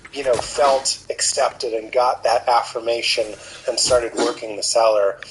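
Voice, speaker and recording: Earnest man in his thirties, noisy recording. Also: medium pitch. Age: 30s. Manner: earnest, motivational, thinking aloud. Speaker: podcast host. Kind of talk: casual reflective chat.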